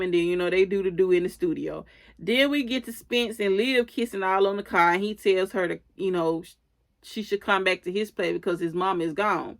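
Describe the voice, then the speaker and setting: A recap host with a mid-range, slightly bright voice and some vocal fry loosely retells a TV episode. She links scenes with "and he said" and "she was like," quoting characters' lines as she goes.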